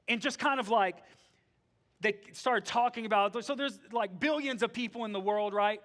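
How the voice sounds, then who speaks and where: Bright high-voiced male pastor preaching. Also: fairly even intonation, brisk. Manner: conversational, full of "like", moving between eager and hushed tones. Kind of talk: sermon.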